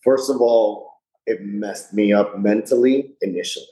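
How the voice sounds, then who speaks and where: A man's voice: fairly low pitch, a little slow, mellow. A man in his forties, a fire rescue lieutenant, candidly retelling his story in a chatty podcast interview. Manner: candid, chatty retelling with frequent "you know". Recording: roomy echo.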